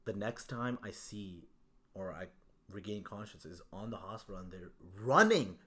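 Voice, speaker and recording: Young man, casual chat, slangy and laid-back, lowish voice. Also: expressive, normal speed, sharp tone. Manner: laid-back, swears casually, lots of "like" and "bro". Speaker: storyteller.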